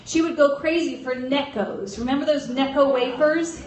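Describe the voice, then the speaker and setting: High-voiced woman telling a comic story. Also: moderate pace, a little mellow. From grew up in an Irish Catholic family. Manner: comic, chatty, laughs between lines. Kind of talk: live storytelling to an audience. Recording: roomy hall sound from a distance.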